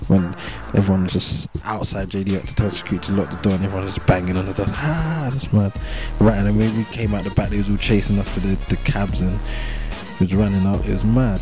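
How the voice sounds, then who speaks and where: A young English man, a rapper, chatting casually in an interview with a London street accent and heavy slang, repeating himself in a laid-back way. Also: low-pitched. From England. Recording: music playing under voice.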